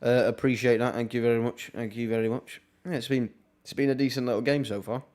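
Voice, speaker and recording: A young man, casually commentating on a football match live for his stream, with wry asides and quick reactions. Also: mid-range voice, fairly even intonation, a little mellow. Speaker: watchalong streamer.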